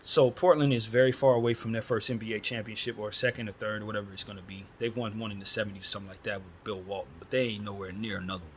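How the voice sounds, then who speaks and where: A man's voice: lowish voice, fairly even intonation, fast, few pauses, a little hiss or hum. Blunt, opinionated male sports talker. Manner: opinionated, blunt, conversational with slang. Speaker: basketball commentary host. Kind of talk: casual solo sports chat.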